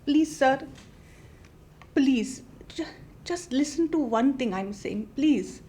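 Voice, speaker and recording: A woman's voice: sits high, lively intonation, takes it slowly, mellow, a little hiss or hum. A woman playing a chatty older temple lady with a foreign accent, who halts with many fillers and mothers the caller on the phone in a live comedy monologue. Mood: flustered. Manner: patient, motherly, talks to the caller like a nosy aunt.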